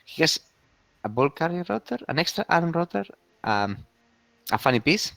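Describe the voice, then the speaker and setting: A man co-hosting a casual game league recap, talking with many pauses and restarts. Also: on the high side, big pitch swings, gravelly, a bit bright, no room sound. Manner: hesitant, many fillers and restarts.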